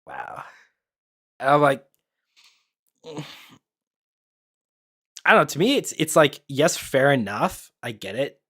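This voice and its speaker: A young man in casual reaction commentary, talking bluntly and freely swearing. He rambles and restarts, filling gaps with lots of fillers. His voice sits at a middling pitch. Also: big pitch swings, slow, pauses often, sharp tone, husky. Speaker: anime YouTuber.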